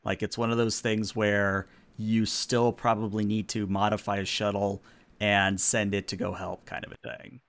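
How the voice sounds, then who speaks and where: A man's voice: lowish voice, level tone, normal speed, a bit bright. A man running a tabletop game stream as game master, talking casually and rambling with lots of ums.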